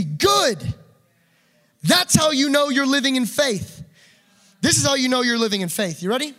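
Brief: high-pitched male preacher, fervent sermon, loud calls then hushed asides. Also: sing-song, moderate pace. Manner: passionate, swings from loud urging to quiet asides.

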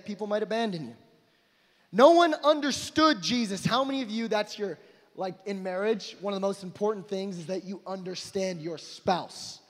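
A young man preaching an emphatic sermon to a crowd, swinging between loud calls and hushed asides. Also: high-pitched. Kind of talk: energetic sermon to a live crowd. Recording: long hall reverb.

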